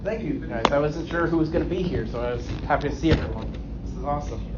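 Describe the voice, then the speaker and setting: A man in his late twenties doing a self-deprecating stand-up set with deadpan punchlines on a comedy club stage. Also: a little high, quick pace, heavy background noise. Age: 20s. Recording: dull lo-fi recording.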